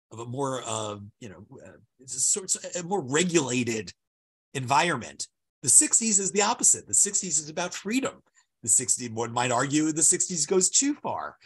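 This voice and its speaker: A man's voice: medium pitch, a bit bright, breathy edge. A man giving an illustrated lecture over slides, talking in a discursive, emphatic way and stressing key words.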